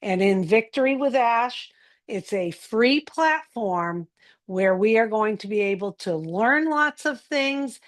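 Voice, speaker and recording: A woman presenting casually to viewers, slow and encouraging, with frequent fillers. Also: on the high side, animated. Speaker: community presenter.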